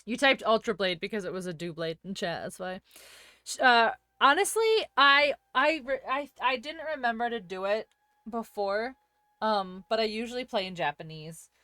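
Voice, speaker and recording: A woman's voice: fairly high pitch, lively intonation, moderate pace, pushed and bright, no room sound, clean studio sound. A woman streaming a video game, chatting casually and reacting aloud as she answers her chat. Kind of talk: casual gameplay commentary.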